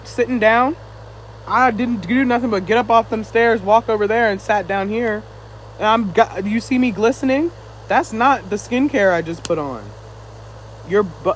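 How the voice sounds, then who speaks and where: A man's voice: very high-pitched, slight background noise, poor audio. A man chatting casually on a live stream, reading viewer comments and teasing back, a little winded.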